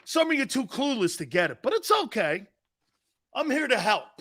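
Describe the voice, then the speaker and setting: A man's voice: extremely high pitch, very animated, moderate pace, a bit bright. A man hosting a sports talk show, ranting in a mocking, combative way and laughing at his own jokes. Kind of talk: brash sports talk rant.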